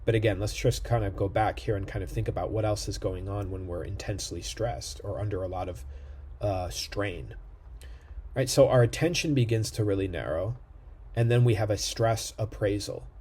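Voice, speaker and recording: A man's voice: fairly low pitch, moderate pace, darkish tone, breathy edge. A man giving a recorded lecture, explaining step by step and checking in with "right?" often. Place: indoor room near a street.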